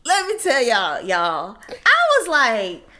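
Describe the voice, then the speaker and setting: A woman's voice: fairly high pitch, takes it slowly, very noisy. A woman co-hosting a podcast, telling stories in casual chat with laughing asides. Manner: animated storytelling, laughing asides. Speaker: podcast co-host.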